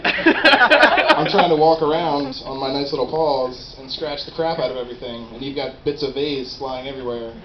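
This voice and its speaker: A man voicing a fussy, entitled house cat who grumbles in a lower, slow voice. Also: expressive, lightly acted. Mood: indignant. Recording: roomy, dull, noisy live room.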